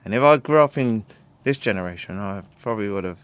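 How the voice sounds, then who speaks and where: A man's voice: fairly low pitch, fast, clean tone. A man, co-hosting a casual podcast chat, telling stories with lots of laughter and casual swearing. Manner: animated storytelling, laughs often, swears casually. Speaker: podcast co-host.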